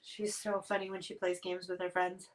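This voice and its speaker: Chatty woman clearing her throat, a little off-mic. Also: fairly low pitch, flat delivery, moderate pace, distant mic. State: coughing from spicy food. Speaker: livestream host reviewing spicy snacks. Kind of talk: casual livestream chat. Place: home.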